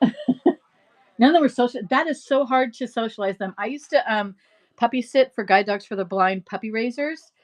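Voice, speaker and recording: A middle-aged woman hosting a live resale stream, rambling through animated stories and laughing often. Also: fairly high pitch, normal speed. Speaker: live-stream reseller host. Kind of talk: chatty live-selling stream.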